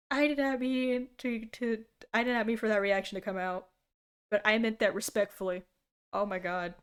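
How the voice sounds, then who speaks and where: A woman's voice: a little high, measured pace, pauses often, clean tone. Laughing, sarcastic young woman streamer. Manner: animated, laughs a lot, sarcastic. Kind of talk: casual reaction stream.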